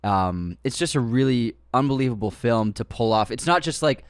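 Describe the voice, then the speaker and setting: In a laid-back movie discussion on a podcast, a co-host with a medium-pitched voice speaks animatedly at normal speed, rambling with fillers and restarts. The sound is dry and clean, like a studio.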